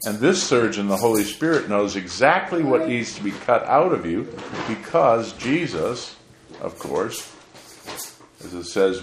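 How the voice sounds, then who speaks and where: A man's voice: lowish voice, very animated, measured pace, roomy sound, slight background noise. A man preaching a sermon as pastor, asking his listeners rhetorical questions. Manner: asks the congregation rhetorical questions.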